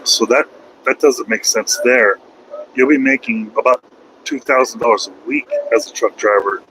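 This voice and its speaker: A truck driver chats loosely from the road in a casual, rambling vlog, using slangy talk that repeats itself and trails off. His voice is medium-pitched and a bit bright, and the recording is rough with a little hiss or hum.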